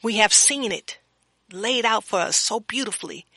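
Preacher type, gravelly and bright-edged, dry close sound, reads verses then adds fervent amens. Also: medium pitch, expressive, normal speed, dry recording. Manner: reads scripture aloud with fervent interjections. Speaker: Bible teacher. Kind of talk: Bible study teaching with scripture reading.

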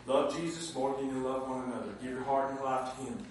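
A man preaching a sermon to a responding congregation, swinging between quiet asides and shouted high points. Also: fast, slight background noise. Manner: animated, swinging from low asides to shouted climaxes. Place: church sanctuary with congregation. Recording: very echoey hall, mic from far off.

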